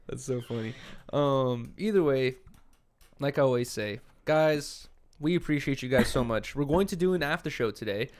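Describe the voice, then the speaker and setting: A man's voice: medium pitch, expressive, moderate pace, slight background noise. A young man from California co-hosting a podcast, telling laid-back, profane stories in casual chat and acting out what people said. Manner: laid-back storytelling, profane, acts out quotes. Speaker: podcast co-host.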